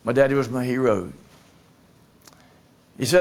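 A man's voice: medium pitch, steady tone, normal speed, long pauses, darkish tone. A man preaching a sermon, telling a story and calling for amens from the congregation. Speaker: pastor.

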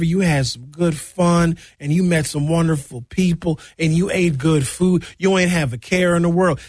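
A man hosting a morning radio show, talking in a chatty, drawn-out, animated way. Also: sits high, no room sound, clean studio sound. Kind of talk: casual talk-radio monologue.

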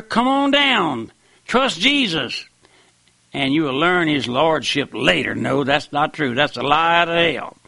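A man's voice: high-pitched, pushed and bright, no echo. A man preaching a fervent radio sermon, emphatic and dogmatic, who keeps calling listeners his friend.

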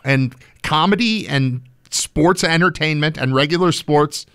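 A man's voice: fairly high pitch, a little slow, hardly any pauses, fairly bright tone, clean tone, no room sound. A man hosting a sports radio show, joking and rambling in casual studio chat.

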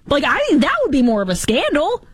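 A woman's voice: high-pitched, wildly swooping pitch, brisk. A woman hosting a political commentary show, talking in an emphatic, sarcastic and argumentative way.

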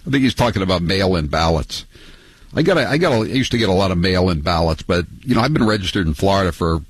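An older man hosting a talk radio show, rambling and sarcastic, with many halting restarts. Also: low-pitched, breathy edge, no room sound, poor audio.

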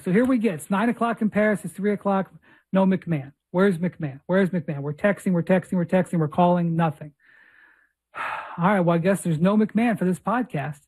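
A male podcast host with a husky voice, telling a lively story and acting out each person's lines. His delivery is casual and expressive. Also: high-pitched. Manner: animated anecdote telling, acting out dialogue.

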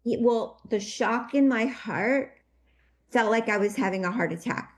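A woman with a fairly high voice tells her story as an interview guest. Her voice is shaky with emotion, and she speaks haltingly, stopping and restarting often. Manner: halting, full of restarts and fillers. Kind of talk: personal storytelling.

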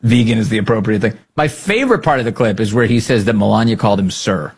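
A man hosting a political podcast, talking in a sarcastic, animated way and often laughing at the clips he plays. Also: mid-range voice, normal speed, few pauses, husky. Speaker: podcast host. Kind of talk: political commentary.

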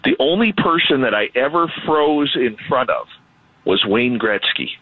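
A Canadian man, a radio host, telling stories in a casual, animated, self-deprecating way. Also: medium pitch, unhurried, husky, no echo, phone-quality sound. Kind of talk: casual storytelling conversation.

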